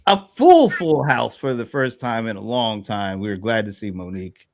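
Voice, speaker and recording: Man, middle-aged host, casual panel chat, rambling, lively up-and-down pitch. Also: moderate pace, vocal fry. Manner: relaxed, rambling with restarts and laughs. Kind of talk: casual panel show wrap-up.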